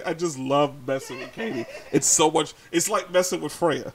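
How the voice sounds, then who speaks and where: A man's voice: on the high side, expressive, fairly quick, few pauses, fairly bright tone, slight background noise. A man chatting casually on a livestream, reading chat and teasing, laughing often.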